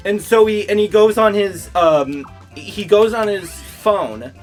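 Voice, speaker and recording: A man's voice: sits high, slow pace, darkish tone, faint music behind. A young man chatting casually with friends while gaming, telling a rambling story full of swearing and breaking into laughter mid-sentence. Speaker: retail cashier telling a story.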